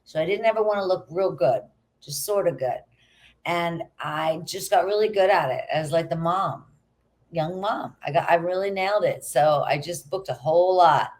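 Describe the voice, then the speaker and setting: A middle-aged actress chatting as a guest in an interview, telling stories in an animated way. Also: female voice, fairly low pitch, normal speed. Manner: chatty, animated storytelling with quoted asides. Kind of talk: casual interview chat.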